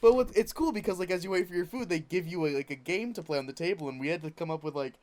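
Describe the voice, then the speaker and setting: A man with a smooth, clean voice pitched a little above the usual, co-hosting a podcast. He chats in a playful, jokey way and swears freely. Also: rapid-fire, a little mellow. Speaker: podcast co-host. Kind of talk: casual chat.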